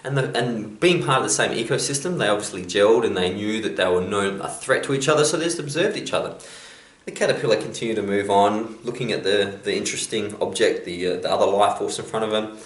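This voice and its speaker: A man's voice: fairly low pitch, fast talker, echoey room. A man giving a chatty motivational talk, telling stories as a self-help vlogger. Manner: chatty storyteller.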